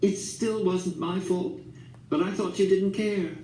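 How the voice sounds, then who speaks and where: A man voicing a distressed, proper young woman who pleads softly through tears. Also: sits high, steady tone, measured pace, pitched above the performer's own voice. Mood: pleading. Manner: pleading, soft-spoken, tearful. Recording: echoey room, distant mic, faint hiss.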